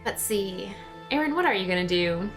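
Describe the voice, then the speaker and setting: A woman's voice: medium pitch, expressive, moderate pace, a bit bright. A young adult woman streamer chatting casually and thinking aloud while she plays. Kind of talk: casual gameplay commentary. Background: game music.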